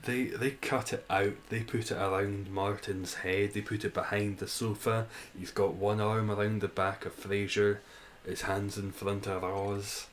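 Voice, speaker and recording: Male streamer, lower register, casual banter with viewers, frequent laughs. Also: level tone, a little slow, few pauses, a little hiss or hum, rough recording. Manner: chatty, reads and answers chat, laughs often. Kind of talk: casual live-stream chat.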